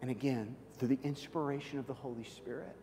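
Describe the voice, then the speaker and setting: A man preaching a sermon, dramatic, swinging from loud, high outbursts to soft, hushed passages. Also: fairly even intonation, brisk, long reverb tail, background noise. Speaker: pastor.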